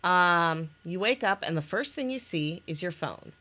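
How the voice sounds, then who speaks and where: Her fairly low voice comes across bright, forceful and animated, moving a little slowly. She's the creator of an interactive story game, reading its scenes aloud in relaxed chat while restarting lines and laughing.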